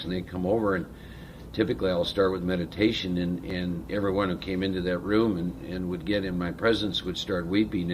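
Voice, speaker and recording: A man with a very low, deep voice gives a personal recovery testimony. He speaks reflectively and haltingly, pausing often and filling gaps with "uh." A faint hiss sits under the recording. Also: fairly bright tone. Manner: halting, reflective, many pauses and fillers.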